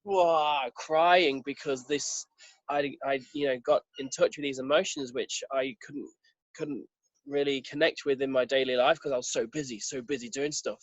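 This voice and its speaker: A man's voice: mid-range voice, fairly even intonation, moderate pace, dry recording, low-quality recording. A man as a podcast guest, earnestly telling a personal story in casual talk and acting out quoted dialogue.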